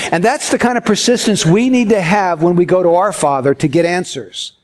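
High-voiced preacher with folksy humor. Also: male voice, moderate pace. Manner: earnest, storytelling with folksy humor. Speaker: pastor. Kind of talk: sermon.

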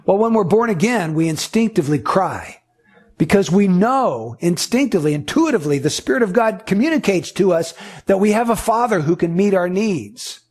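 A man's voice: high-pitched, animated, moderate pace, a little mellow, breathy edge. A man preaching a sermon, earnest and emphatic, driving points home with repetition. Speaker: pastor.

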